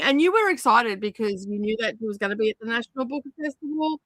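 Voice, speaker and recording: A woman's voice: a little high, lively intonation, quick pace, fairly bright tone, no echo, poor audio. A woman hosting a crafting livestream, chatting casually and rambling with many fillers. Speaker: livestream host. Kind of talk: casual chat while crafting. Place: home craft studio.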